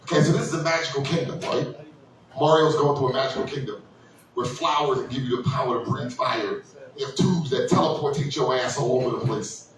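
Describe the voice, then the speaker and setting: A man doing a stand-up comedy set, loud and crude, acting out characters in high squealing voices. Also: brisk, faint music behind. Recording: echoey room, mic heard from a distance.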